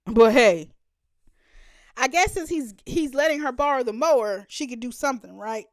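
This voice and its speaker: In her reaction commentary, a woman with a high voice and lively intonation speaks at normal speed, addressing viewers emphatically and laughing often. The sound is clean studio audio with no room sound.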